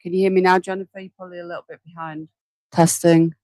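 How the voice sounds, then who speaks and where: A woman's voice: on the low side, level tone, rapid-fire, no echo. A woman hosting a casual live show, chatting into a desk microphone and reacting aloud with exclamations. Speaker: host reacting to trial footage.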